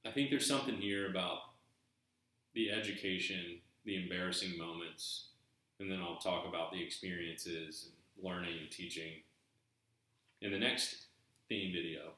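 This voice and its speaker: Deep-voiced man in a very echoey room. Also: fairly even intonation, moderate pace, bright, forceful tone. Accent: put-on Southern American. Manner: chatty, musing, folksy with y'all and dang it. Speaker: treasure hunt video host. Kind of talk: casual vlog commentary reading from a book.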